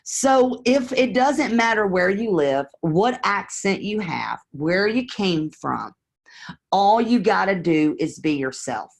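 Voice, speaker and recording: A woman coaching real estate investors in a live stream, talking candidly and acting out sample phone calls. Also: mid-range voice. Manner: candid, conversational, acts out phone scripts.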